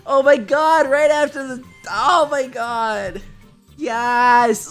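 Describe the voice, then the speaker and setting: A woman streaming a game live, giggling often and gushing with excitement over her pulls. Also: high-pitched, slow. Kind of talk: live-stream gameplay commentary. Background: faint game music.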